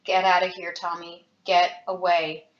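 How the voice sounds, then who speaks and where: A woman voicing a feverish young man who turns on his friend, talking loud and bitter. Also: on the low side, level tone, measured pace, a little hiss or hum, natural voice. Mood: weary. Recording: roomy, dull lo-fi home recording.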